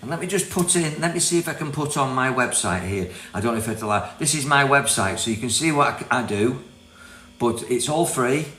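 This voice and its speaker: A man's voice: medium pitch, lively intonation, fast talker, hardly any pauses, sharp tone. An older man from Britain hosting a casual self-help livestream, chatty and rambling, reading viewer comments aloud and laughing often. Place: property in Thailand. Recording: echoey room with mains hum.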